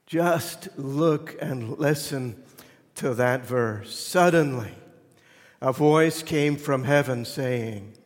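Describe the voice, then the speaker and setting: A man preaching a sermon as pastor, moving between loud emphatic lines and hushed, almost whispered ones. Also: mid-range voice, drawn-out words. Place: church sanctuary. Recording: long reverb of a church hall.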